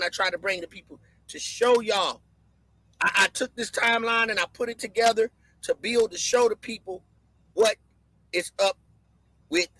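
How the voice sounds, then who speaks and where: Bright high-voiced man hosting a live stream. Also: no room sound, poor audio. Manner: emphatic, repeats key lines for effect. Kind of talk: casual live-stream commentary.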